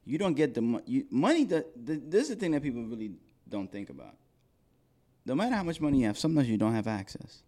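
A man's voice: mid-range voice, very animated, fast talker, mellow. A man talking as a podcast guest and consultant. He is casual and profane, and he acts out other people's voices when he quotes them. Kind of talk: casual conversation.

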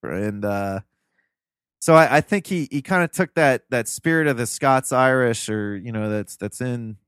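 Guy from ohio on a podcast, smooth clean voice, dry close sound, rambly and earnest. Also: mid-range voice, unhurried, a bit bright, dry recording. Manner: earnest, reminiscing, loose and rambling. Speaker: podcast guest. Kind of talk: casual interview storytelling.

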